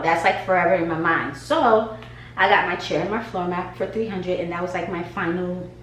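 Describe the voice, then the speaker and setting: A woman's voice: medium pitch, distant mic. A woman hair stylist vlogging in her home studio, telling a casual story and acting out the conversations. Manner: animated, acts out conversations. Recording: roomy echo, faint hum.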